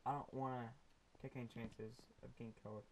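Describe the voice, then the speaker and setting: A man's voice: medium pitch, level tone, fairly quick, a little hiss or hum, low-quality recording. A young man casually narrating a Minecraft session, rambling to the viewers and to the mobs with lots of ums. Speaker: gaming YouTuber. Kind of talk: casual Minecraft let's play commentary.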